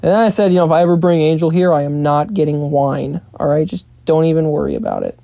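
Talking alone with no echo, a young adult podcast host who is also a pilot in training rambles through a long, casual story full of profanity and plenty of "blah, blah, blah." The mid-range voice is dark-toned, very animated, and fast, with vocal fry.

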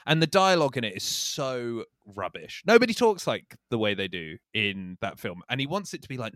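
Animated male podcast co-host, bright tone, dry sound, quick to laugh and rant. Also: medium pitch, no room sound. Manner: animated, laughs often, mock rants. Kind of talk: casual chat.

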